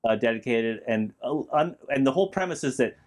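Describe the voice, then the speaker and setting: A man's voice: medium pitch, a little fast. A man who writes comedy, a guest on a casual podcast, telling a showbiz story with lots of laughs and acted-out quotes. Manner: animated, laughs often, acts out quotes.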